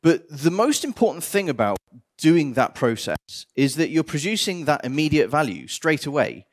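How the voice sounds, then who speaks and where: A man giving a conference talk on stage, animated, with bursts of theatrical mock despair. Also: on the high side, moderate pace. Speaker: conference speaker.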